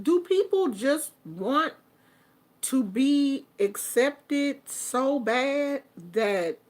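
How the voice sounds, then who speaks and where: A middle-aged woman, her voice high and bright as she talks in an unhurried way. She gives casual vlog commentary, animated and chatty, breaking into laughs and snippets of song. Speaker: vlogger commenting on online drama.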